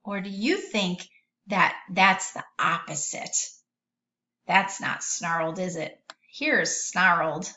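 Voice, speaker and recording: A woman's voice: on the low side, fairly even intonation, takes it slowly, pushed and bright. Woman teacher for a kids' vocabulary lesson, patient and sing-song, recorded in an echoey room with dull audio.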